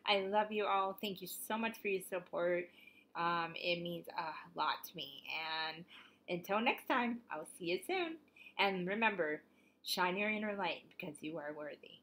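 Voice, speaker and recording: A woman hosting her own oracle card vlog, talking casually to the camera with gentle encouragement and stumbling over her words in bloopers. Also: fairly low pitch, expressive, unhurried. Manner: gentle, encouraging sign-offs. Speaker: oracle card reader and channel host.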